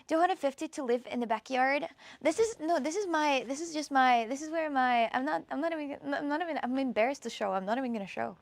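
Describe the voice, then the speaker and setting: A woman's voice: high-pitched, fast talker, vocal fry, no echo. A woman hosting a casual live stream outdoors in her backyard, talking into her phone camera and often restarting her sentences. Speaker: livestream host.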